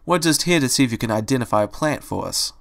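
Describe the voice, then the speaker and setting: Man reading a gruff, grumbling streetwise rabbit, mid pitch. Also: expressive, fast, fairly bright tone. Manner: grumbling, tough-guy slang.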